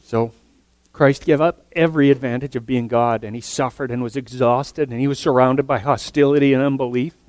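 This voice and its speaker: A man preaching a sermon earnestly, his voice swinging from loud emphatic lines to soft, near-whispered ones. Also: medium pitch, steady tone, fairly quick, no echo.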